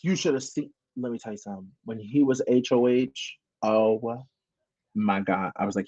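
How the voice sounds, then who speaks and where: A man chatting over a video call, telling stories in an animated way and cursing freely. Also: medium pitch, moderate pace, muffled recording. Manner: animated storyteller, curses freely. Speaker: former reality show contestant. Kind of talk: casual video call chat.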